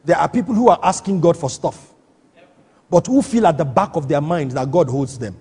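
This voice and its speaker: A long reverb from the hall trails the high, very husky, slightly mellow voice of a man preaching at normal speed. He uses rhetorical questions to push his points and checks that the congregation is following along.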